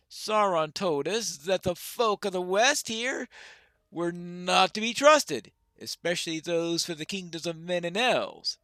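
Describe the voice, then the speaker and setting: Man doing a wary dwarf chieftain in a game, solemn, formal, high bright voice, unhurried. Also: dry recording, full character voice. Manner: solemn, old-fashioned speech. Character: wary male dwarf leader, grave and formal.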